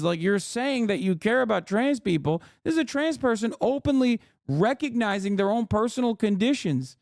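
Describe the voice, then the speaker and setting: A man's voice: high voice, animated, normal speed, no room sound, clean studio sound. A man streamer giving heated political commentary, ranting with exasperation and heavy swearing. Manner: mocks others in put-on voices.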